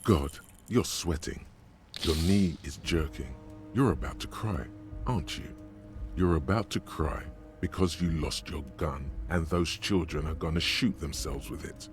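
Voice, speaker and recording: An actor voicing a grave, taunting inner-voice narrator in a video game. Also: male voice, rumbling low, a little slow. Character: ominous male inner-voice narrator. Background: faint game music.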